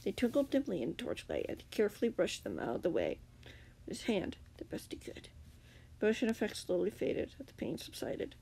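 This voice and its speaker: A woman's voice: mid-range voice, wildly swooping pitch, brisk, gravelly, warm tone, breathy edge. A woman narrating her own fan story in a casual reading, with self-corrections and chatty asides. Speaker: fanfiction narrator.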